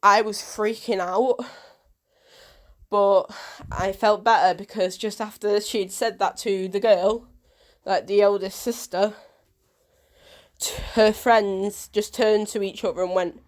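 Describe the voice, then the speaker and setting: Animated woman telling a story. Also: medium pitch, takes it slowly. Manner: animated storyteller who acts out quoted dialogue. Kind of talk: storytime vlog.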